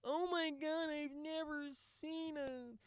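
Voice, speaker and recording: A man mockingly putting on the voice of a gushing, fawning fake dog lover in a breathless falsetto. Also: fairly even intonation, slow pace, no room sound, clean studio sound.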